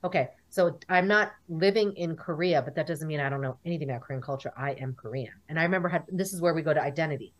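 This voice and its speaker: A woman speaks as a guest in a relaxed interview. Her voice sits fairly low. She tells stories with energy and acts out the lines of the people in them. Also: fast, hardly any pauses. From United States. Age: 40s. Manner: animated storyteller, acts out dialogue. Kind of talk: casual interview.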